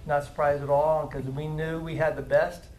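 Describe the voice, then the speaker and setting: A man's voice: on the high side, little pitch movement, normal speed, a little mellow, low-quality recording. A man in his fifties, a former player, telling stories about his old coach in an earnest, emphatic way. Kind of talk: casual interview tribute.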